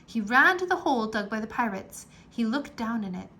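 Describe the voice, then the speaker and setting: A woman reading a children's book aloud in a slow, animated storytelling manner, with a gravelly edge. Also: a little high, slight background noise. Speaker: read-aloud narrator.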